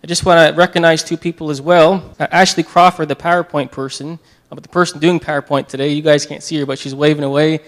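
Male pastor, halting and tearful, slightly high voice. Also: steady tone. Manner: halting, many fillers and restarts. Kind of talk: church prayer and announcements.

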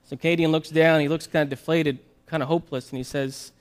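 A man preaches with a fairly high voice, telling a story in an animated way. He often doubles back on his words and then reads scripture aloud. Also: fast talker, few pauses, smooth. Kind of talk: sermon storytelling.

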